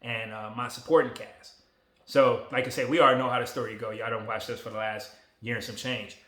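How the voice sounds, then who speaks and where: A man in his forties talking casually to a phone camera, relaxed, emotional and motivational. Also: mid-range voice, brisk, reverberant. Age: 40s. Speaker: vlogger.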